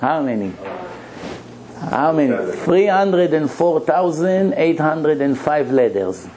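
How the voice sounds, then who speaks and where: Rabbi guy telling a story, acts out the other guy, laughs a lot, mellow voice, bit of hiss behind. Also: a little high, rough recording. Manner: animated, acts out both sides of a dialogue; laughs between lines. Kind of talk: storytelling sermon.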